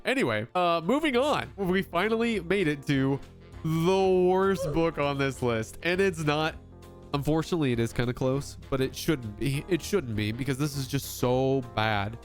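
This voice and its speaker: A man casually reviewing fantasy books on his vlog, animated and slangy, laughing often. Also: a little high, normal speed, soft background music. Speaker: book reviewer.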